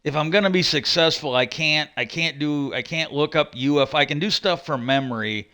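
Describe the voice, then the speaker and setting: A man's voice: fairly high pitch, brisk, pushed and bright. A man streaming a game, telling a long profane story in a rambling way, reenacting old arguments. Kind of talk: casual storytelling while gaming.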